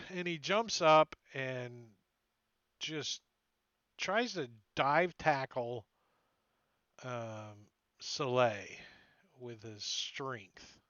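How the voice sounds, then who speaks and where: A man's voice: mid-range voice, drawn-out words, long pauses, fairly bright tone, no echo. A man running a tabletop game as dungeon master, narrating casually with filler words and frequent laughs, over dull lo-fi stream audio.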